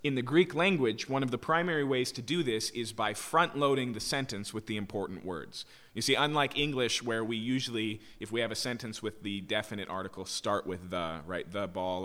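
A man's voice: mid-range voice, bright, forceful tone. A man preaching a sermon as pastor, explaining with emphasis and rhetorical "right?" questions. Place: church sanctuary. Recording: long reverb of a church hall.

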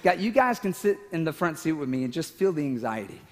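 A man's voice: on the high side, sing-song, a little fast. Man preaching in a reverberant hall. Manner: emotional, tearful at times, laughing asides. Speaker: pastor. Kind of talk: sermon with personal story.

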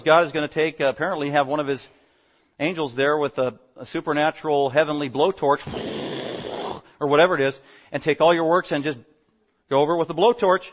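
A man preaching an expository sermon, animated and fast-talking, swinging between loud emphasis and quiet asides. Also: on the high side. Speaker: pastor. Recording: dull lo-fi sound.

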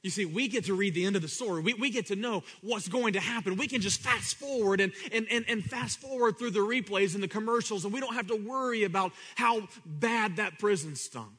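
A man preaches with a bright, forceful voice that sits fairly high. He climbs into loud, high exclamations, then drops low and quiet for emphasis. He repeats words as he builds and acts out what the people in his story say. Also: fairly quick, few pauses, breathy edge. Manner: animated, swings between loud high bursts and low quiet asides. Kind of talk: sermon.

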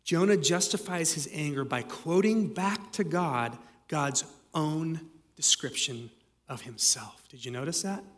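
A man's voice: fairly high pitch, a little slow, in a large hall. A man preaching a sermon as pastor, conversational with dramatic readings.

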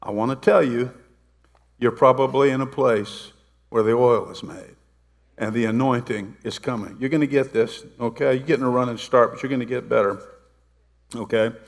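A man preaches to his congregation, mixing scripture retellings with casual, playful asides. His voice has a gravelly edge. The sound carries a long reverb from a large sanctuary. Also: medium pitch, moderate pace. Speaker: pastor. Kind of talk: sermon. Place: church sanctuary.

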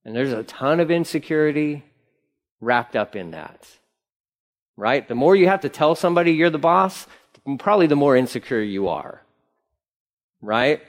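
A man's voice: fairly high pitch, animated, moderate pace, long pauses. A man preaching a sermon in a church, talking conversationally with playful asides. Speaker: pastor. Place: church sanctuary.

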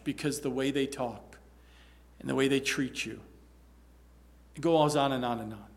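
A male pastor preaching an earnest, exhorting sermon about practicing love. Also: medium pitch.

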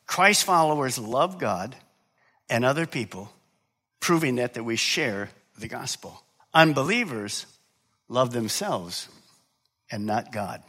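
Animated, bright-voiced male preacher. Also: unhurried, husky. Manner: swings from quiet, low asides to loud, high-pitched preaching; asks the congregation questions and answers them himself. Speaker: pastor. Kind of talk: sermon.

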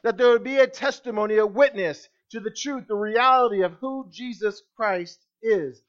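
A man's voice: high-pitched, moderate pace, highs cut off. A man preaching a sermon as pastor, emphatic, asking the congregation rhetorical questions.

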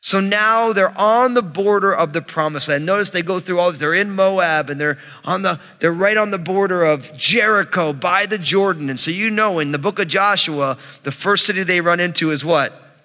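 A male pastor gives a sermon with a bright, forceful tone and a slightly high voice. He teaches conversationally, speaking to his congregation, and a long reverb hangs in the church hall. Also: moderate pace.

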